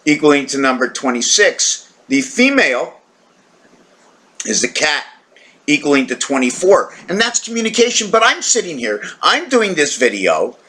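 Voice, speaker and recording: A man with a bright, fairly high voice rambles to camera in a casual monologue. He sounds tired, wanders off the subject, questions himself aloud and throws in playful animal noises. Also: sing-song, moderate pace. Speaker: video maker.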